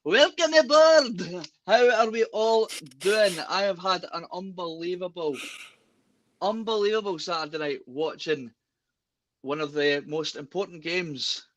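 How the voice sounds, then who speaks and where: Scottish man, podcast host, fairly high voice, upbeat, chatty, casual chat. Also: unhurried, fairly bright tone. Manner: chatty, upbeat, repeats words as he restarts.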